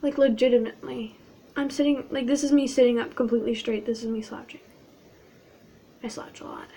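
A woman's voice: on the high side, fairly even intonation, brisk, pauses often, mellow, husky. A woman vlogging in character as a cosplayer, rambling in a playful, self-mocking way. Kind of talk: casual in-character cosplay vlog.

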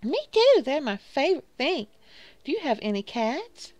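A woman's voice: high-pitched, sing-song, normal speed, darkish tone, dry recording, voice pushed up. A woman playing a squealing crazy cat lady. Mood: gushing. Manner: squealing, gushing. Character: overexcited young female cat-obsessed lady.

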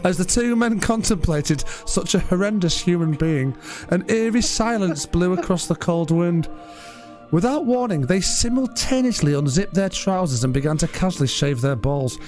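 A man's voice: high-pitched, expressive, normal speed, a little mellow, soft background music. A man, co-hosting a podcast and reading out an absurd comic story in a mock-solemn voice, breaking into laughs now and then. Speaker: podcast co-host.

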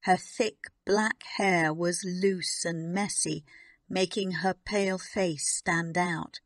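A woman reads a graded story aloud at a very slow, careful pace. Her voice sits a little low and stays calm and even. The sound is dry and close. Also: no echo. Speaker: audiobook narrator. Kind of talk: slow scripted story narration for English learners.

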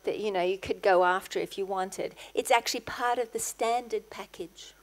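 A middle-aged woman, a guest pastor, preaching a sermon in church, rising to loud, passionate exclamations. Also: medium pitch, normal speed.

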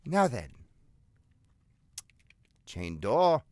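A man's voice: medium pitch, very animated, unhurried, long pauses, a bit bright, dry recording, clean studio sound. A young man giving let's-play commentary on a horror game, with jumpy, chatty, half-joking reactions to scares. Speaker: gaming YouTuber.

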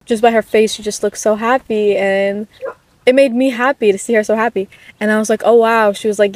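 Soft-spoken young woman, rambling and emotional. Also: fairly high pitch, fairly quick, no room sound. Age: late teens. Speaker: vlogger. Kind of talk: casual chat. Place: outdoors at a park. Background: dogs barking at times.

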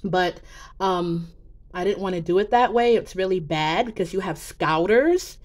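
A woman making psychic predictions in a casual vlog, talking slowly in a rambling way with many fillers and restarts. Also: fairly low pitch, a little mellow. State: emotional, near tears. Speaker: psychic vlogger.

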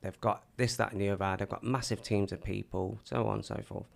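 Speaking a little fast in a lowish, creaky voice, a man casually tells his own story. He's an animated storyteller who acts out the things people said to him.

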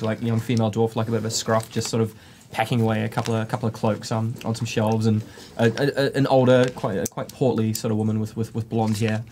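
A man's voice: medium pitch, darkish tone, a little hiss or hum. A man narrating as game master, rambling with frequent restarts.

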